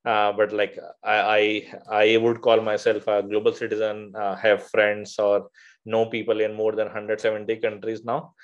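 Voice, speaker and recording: Podcast guest from India, male: low-pitched, halting delivery full of uhs and restarts, on a dull lo-fi recording. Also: completely flat delivery. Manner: hesitant, many filler uhs and restarts. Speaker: podcast guest, venture fund founder. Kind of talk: conversational interview.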